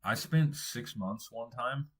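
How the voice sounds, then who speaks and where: A man's voice: mid-range voice, lively intonation, slow. A man chatting casually with friends in a laid-back, drawling way. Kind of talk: casual chat.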